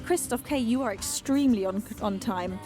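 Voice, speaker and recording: A young British woman hosting a live music stream, greeting viewers by name with effusive, affectionate warmth. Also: a little high, moderate pace. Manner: effusive and affectionate, reading out chat names. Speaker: streamer and singer.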